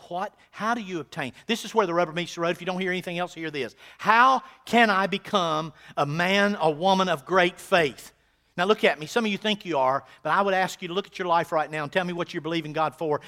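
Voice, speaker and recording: A high, bright male voice preaching from a church pulpit. He drops to near-whispers, then climbs to loud, fervent exhortation. His phrasing is folksy and plainspoken, and he often repeats himself to drive a point home. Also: a little fast. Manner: swings from hushed to loud, preaching with fervor. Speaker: pastor. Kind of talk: sermon. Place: church sanctuary.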